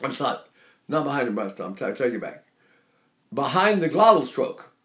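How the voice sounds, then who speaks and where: A man's voice: mid-range voice, sing-song, a little fast, fairly bright tone. An older man teaching singing, talking in a rambling, anecdotal way and breaking off to demonstrate sounds. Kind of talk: spoken singing lesson.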